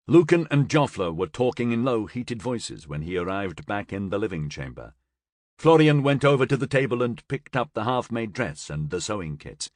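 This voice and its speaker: Expressive male audiobook narrator. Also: lowish voice, moderate pace, no echo, studio quality. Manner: expressive storytelling. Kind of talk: scripted narration.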